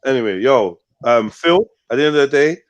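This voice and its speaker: A man's voice: mid-range voice, lively intonation, fairly quick, highs cut off. A man hosting a live panel show, arguing confrontationally, swearing a lot and punctuating his points with "yeah?". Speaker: host. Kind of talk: heated live panel debate.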